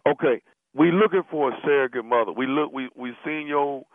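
A man's voice: mid-range voice, fairly quick, no echo. A man making a prank phone call as a radio host, stammering and pleading, then insistent. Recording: dry, tinny phone-like sound.

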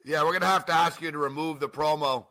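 A man co-hosting a sports podcast in a bright, forceful voice that sits a little high. He talks fast and animatedly and often pokes fun at himself during casual chat. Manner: animated, self-mocking, quick talker. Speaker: co-host.

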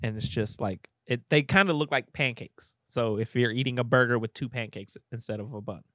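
A laid-back man tells a story in loose slang and laughs often as he goes. His voice sits in an ordinary middle pitch. It is recorded close and dry, with no room sound. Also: brisk, sharp tone, no echo. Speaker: podcast co-host. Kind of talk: casual chat.

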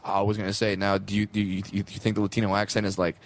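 A man's voice: fairly low pitch, completely flat delivery, racing. A man co-hosting a casual podcast chat, rambling and often restarting his sentences.

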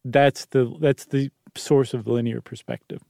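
A man's voice: medium pitch, steady tone, unhurried, creaky, mellow, no echo, clean studio sound. A man hosting a podcast, explaining things in a casual, rambling way that often trails off and restarts. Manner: easygoing, rambling, self-interrupting. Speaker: podcast host.

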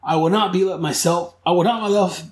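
A man's voice: sits high, brisk, roomy sound, voice pushed up, close to an everyday voice. A man voicing a frustrated male villain who declares things in a strained, defiant way. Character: frustrated adult male villain with energy powers.

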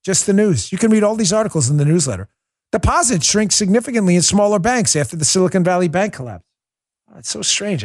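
Male political talk host with a fairly high voice. Sarcastic, mocking monologue with big swings in tone. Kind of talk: opinionated monologue.

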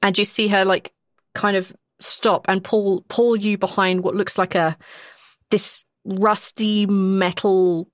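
A woman's voice: mid-range voice, fairly even intonation, takes it slowly, dry recording, studio quality. A woman narrating as game master in a casual tone, full of fillers. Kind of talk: narrating a tabletop role-play.

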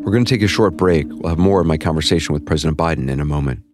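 Low-voiced male podcast host. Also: racing, music in the background. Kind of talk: interview.

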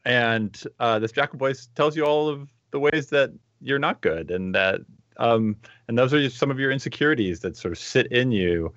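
A man co-hosting a podcast over a video call, musing aloud with many fillers and telling stories in an animated way. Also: medium pitch, moderate pace, dry recording, dull audio. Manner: thoughtful, animated storytelling with frequent fillers. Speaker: podcast co-host. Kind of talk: casual conversational discussion.

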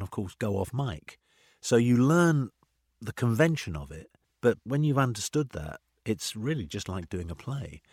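A middle-aged actor talks in an interview, his voice on the low side and his manner animated and anecdotal, full of asides. The sound is dry and close. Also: dry recording. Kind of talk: conversational interview.

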